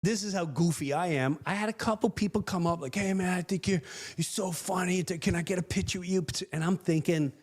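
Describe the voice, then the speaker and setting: A man's voice: sits high, a little fast. A man doing stand-up, telling a story and acting out the other people's voices. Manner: animated, acts out voices in his story. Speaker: stand-up comedian.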